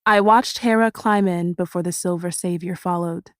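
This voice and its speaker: A woman voicing a cold, condescending young man in an audiobook, speaking in a quiet, clipped, low-key way. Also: fairly even intonation, moderate pace, dry recording, studio quality, close to an everyday voice. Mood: grim, earnest. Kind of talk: audiobook character voice.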